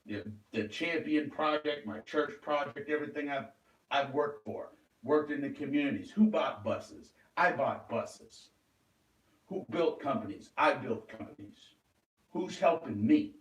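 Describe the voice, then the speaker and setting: A man talking in an agitated, rambling monologue, swearing and flaring into loud outbursts. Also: mid-range voice, measured pace, recorded from a distance. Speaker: vlogger. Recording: roomy echo, away from the mic.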